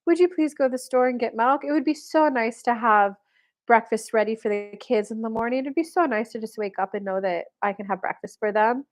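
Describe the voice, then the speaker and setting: A sugary young wife with a fairly high voice gently pleads and repeats herself again and again, as a woman acts her out in a story. She sounds patient and sweet. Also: brisk, natural voice. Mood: sweetly pleading.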